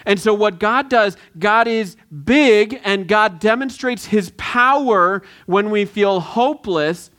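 High-voiced man leading a kids' sermon. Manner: lively, coaxing, quotes film lines with voices. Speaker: children's pastor. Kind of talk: children's sermon.

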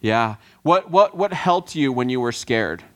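A man giving a lively children's sermon, coaxing the kids to answer and join in. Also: medium pitch, measured pace. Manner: lively, coaxing, quotes film lines with voices. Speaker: children's pastor.

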